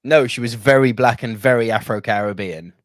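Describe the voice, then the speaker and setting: A man's voice: mid-range voice, a little fast, no echo, studio quality. A young man co-hosting a podcast, chatting casually with jokey, swearing rants. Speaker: podcast co-host. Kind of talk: casual chat.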